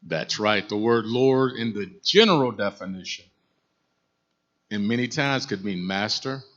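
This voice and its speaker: A man's voice: lowish voice, measured pace, a bit bright, highs cut off. Folksy male Bible class teacher. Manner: folksy storytelling, asks the class questions. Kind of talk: Bible study lesson.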